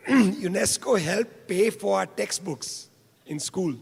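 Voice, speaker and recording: A high-pitched, heavily gravelly older man from India delivers an impassioned public lecture. His husky, worn voice rings out in a long-echoing hall as he leans on repeated phrases. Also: slow pace. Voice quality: hoarse, rough voice. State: hoarse. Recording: reverberant hall.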